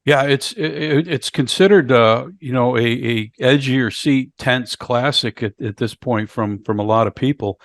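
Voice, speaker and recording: Male podcast co-host, halting plot recap, mid pitch, dry close mic. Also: no echo. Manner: halting, repeats words while recapping the plot. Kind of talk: casual movie review chat.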